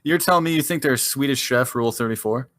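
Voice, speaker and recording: A man's voice: medium pitch, fairly bright tone. A man co-hosting a podcast in casual chat, joking, teasing and swearing freely. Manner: joking, profane, quick to tease. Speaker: podcast co-host.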